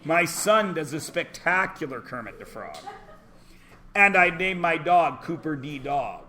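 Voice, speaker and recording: A man's voice: on the high side, lively intonation, unhurried, sharp tone. A man teaching a math class, joking and punning, quizzing students with call-and-response. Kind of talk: classroom lecture.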